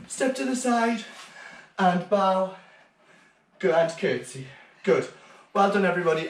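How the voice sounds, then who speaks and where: A man's voice: high-pitched, roomy sound, recorded from a distance. Man teaching a children's ballet class. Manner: encouraging, counting beats aloud. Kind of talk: online children's dance class.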